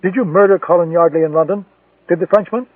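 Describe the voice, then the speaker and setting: A man's voice: high voice, fast talker, no echo, voice pushed up. A man reading an audiobook voices a brutal male East German secret police handler interrogating harshly. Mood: shouting menace. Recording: tinny, distant, dry lo-fi recording.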